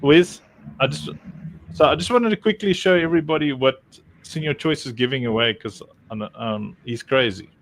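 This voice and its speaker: South african guy hosting a stream, rambly and jokey, lots of uhs, middle pitch. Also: moderate pace, a little hiss or hum. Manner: joking, laughs often, rambling with many fillers. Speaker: livestream host. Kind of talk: casual chat.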